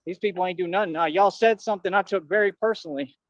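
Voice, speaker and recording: A man with a high voice speaks defiantly in a replayed clip, using street slang and calling people bro. The sound is dull and muffled, yet dry and close. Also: fast talker, no room sound. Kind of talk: clip played on a livestream.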